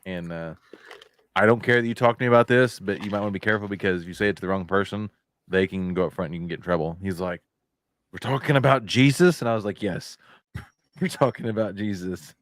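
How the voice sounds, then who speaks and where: Male podcast co-host, low voice, casual rambling storyteller, dry studio sound. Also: fairly even intonation, racing, a bit bright, clear, resonant tone, dry recording. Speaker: factory worker. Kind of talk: casual chat.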